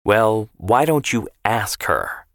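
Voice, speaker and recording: A man's voice: lowish voice, lively intonation, takes it slowly, dry recording, clean studio sound, voice pushed up, exaggerated voice. Man reading as a feisty teasing grandpa. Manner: sharp-tongued, affectionate banter. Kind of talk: storybook reading.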